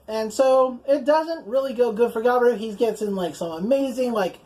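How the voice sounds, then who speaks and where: A young woman recaps anime episodes in a loose, conversational way. Her voice sits a little higher than most, and she keeps things casual with plenty of "like" and easy profanity. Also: normal speed, few pauses, warm tone, low-quality recording. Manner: chatty, fills speech with "like", swears casually, acts out quoted lines in passing. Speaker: anime reviewer.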